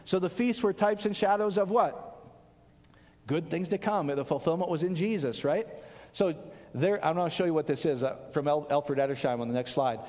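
A male pastor preaching an animated sermon, quizzing his audience and answering his own questions. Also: a little high, moderate pace. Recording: long hall reverb.

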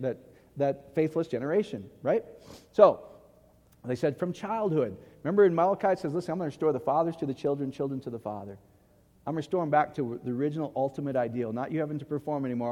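A man's voice: mid-range voice, mellow, long reverb tail. A man preaching a sermon in an emphatic way, often checking that the audience agrees. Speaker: pastor.

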